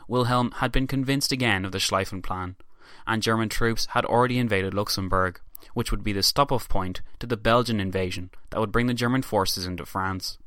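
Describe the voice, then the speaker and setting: A man giving scripted history narration in a measured, formal storytelling manner. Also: fairly low pitch, sharp tone, no echo, clean studio sound.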